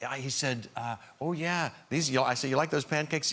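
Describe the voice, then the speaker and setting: A man, a guest actor on a talk show, telling a halting, restarting anecdote as he quotes a child. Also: medium pitch, background noise.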